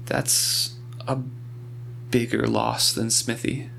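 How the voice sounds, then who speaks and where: Gravelly man chatting about a book. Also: medium pitch, little pitch movement, takes it slowly, fairly bright tone, a little hiss or hum. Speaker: podcast co-host. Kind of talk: casual book discussion.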